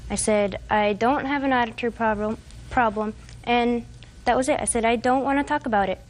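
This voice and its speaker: A woman's voice: on the high side, brisk. Twenties woman defendant, rambly testimony, lots of ums. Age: 20s. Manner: long rambling account, hesitant fillers. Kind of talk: courtroom testimony.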